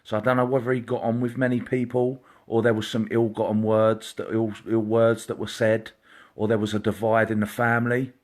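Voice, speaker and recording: Low-voiced man doing live readings. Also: level tone, brisk. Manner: chatty, greets viewers by name, drops to a quiet murmur while listening. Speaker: psychic medium host. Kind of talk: casual live-stream reading. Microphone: computer or phone mic, live stream.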